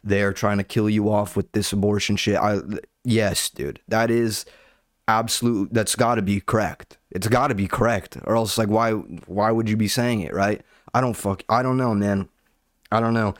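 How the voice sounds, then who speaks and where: Fairly low-pitched and recorded dry at studio quality, a young man goes on a laid-back comedic rant. Sarcasm and swearing run throughout, and "dude" comes up in nearly every line.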